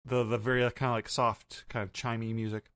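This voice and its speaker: A man hosting a podcast, recapping an anime episode in a casual, halting way with many fillers. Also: mid-range voice, level tone, a bit bright, no echo, clean studio sound. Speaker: podcast host.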